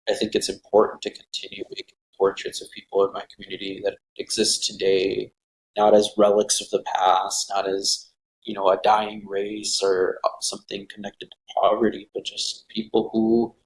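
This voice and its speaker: Flat-voiced man speaking thoughtfully. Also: lowish voice, a little hiss or hum, low-quality recording. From Mexico and Minnesota. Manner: thoughtful, hesitant, with fillers. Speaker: sculptor and guest. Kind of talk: casual interview conversation.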